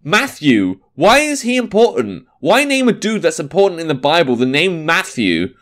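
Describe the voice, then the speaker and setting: Young male let's-player, sarcastic and sweary, animated delivery. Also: on the high side, normal speed, soft background music. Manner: sarcastic, swearing, talks to the game. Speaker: gaming commentator. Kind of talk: casual let's-play commentary.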